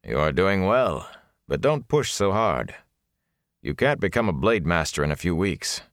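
Clipped watchful swordsman, man reading him, low voice, dry close mic. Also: very animated, measured pace, dry recording. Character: terse watchful male warrior mentor.

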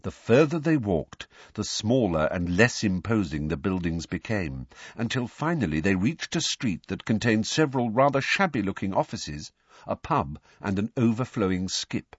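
Deep husky man reading a story. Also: normal speed, no room sound, highs cut off. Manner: expressive, even-paced storytelling. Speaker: audiobook narrator. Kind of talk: scripted narration.

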